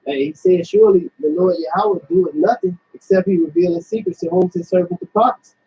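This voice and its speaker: A man's voice: high voice, a little fast, warm tone, husky. A man talking emphatically and profanely, repeating his words, in a casual religious discussion. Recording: dull lo-fi recording.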